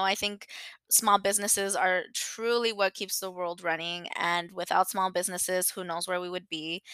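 A woman of around thirty hosts a solo podcast, speaking in a bright, forceful voice that stays smooth and crisp. She talks casually and sincerely, leaning on fillers as she goes. The recording is close and dry, with no room sound around her. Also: fairly low pitch, no room sound. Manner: chatty, heartfelt, many fillers like "like" and "you know". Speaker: podcast host and small business owner.

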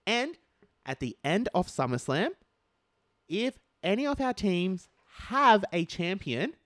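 An excitable Australian man co-hosting a casual show, swinging his pitch all over as he jokes and laughs. His voice sounds close and dry, with no room echo. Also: slow pace. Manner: excitable, laughs often, theatrical. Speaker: co-host. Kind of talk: casual podcast banter.

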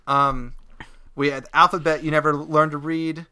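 A man co-hosting a podcast, talking in a loose, rambling way. His voice is bright and ringing, and he mocks himself and laughs often through casual chat. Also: a little high, flat delivery, normal speed, clean tone. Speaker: podcast co-host.

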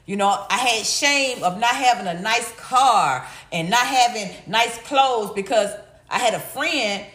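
A woman's voice: on the high side, expressive, a little slow, a bit bright. A middle-aged woman hosting a livestream, chatting casually and reading chat comments in a slangy, blunt, laughing way. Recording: echoey room.

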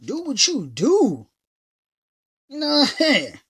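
A woman's voice: high-pitched, wildly swooping pitch, slow, fairly bright tone. A woman hosting a casual motivational talk, who speaks emphatically and repeats her phrases in a slangy, conversational way. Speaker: motivational podcast host.

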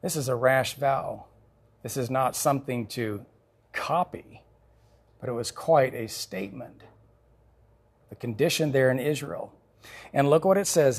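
A male pastor preaching a sermon, telling the story in an animated way with chuckles. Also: mid-range voice, unhurried, long pauses, husky.

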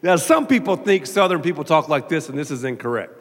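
A man from the American South preaching a sermon as pastor, animated and jokey, slipping into mock voices. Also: a little high, fast. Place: large church auditorium. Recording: long reverb of a large hall.

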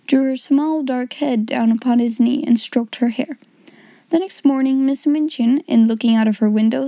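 Mellow woman reading a storybook. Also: high voice, gravelly, no room sound. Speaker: narrator.

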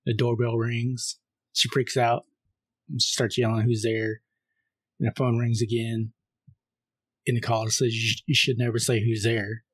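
A man co-hosting a film podcast, casually recapping a horror movie scene by scene and reading the caller's lines flatly. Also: medium pitch, moderate pace, husky, no room sound. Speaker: podcast co-host.

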